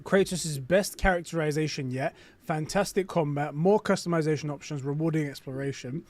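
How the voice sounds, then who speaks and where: A man hosting a casual live stream, reading aloud and reacting with excitement and frequent swearing. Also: on the high side, moderate pace, dry recording.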